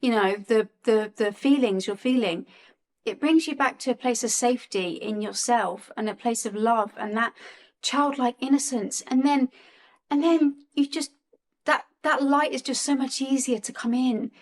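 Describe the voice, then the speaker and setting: A woman's voice: on the high side, moderate pace. A woman in her forties giving a heartfelt spiritual talk to viewers, earnest and emotional, often repeating and restarting her phrases. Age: 40s. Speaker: guest on a spiritual channel.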